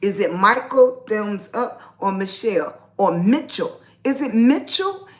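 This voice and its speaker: A woman hosts a casual live stream in an unhurried, drawn-out way, lingering on each phrase. She is upbeat and affirming, greeting viewers one by one and offering motivational encouragement at a medium pitch. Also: lively intonation. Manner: motivational, speaks positive affirmations. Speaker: lifestyle blogger hosting a livestream.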